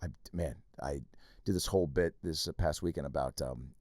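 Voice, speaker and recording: A man who hosts a podcast, telling stories in casual, profane chat and jumping between scenes in a quick, animated way. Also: extremely low pitch, no echo, studio quality. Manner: animated, profane, rapid storytelling. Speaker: podcast host, comedian.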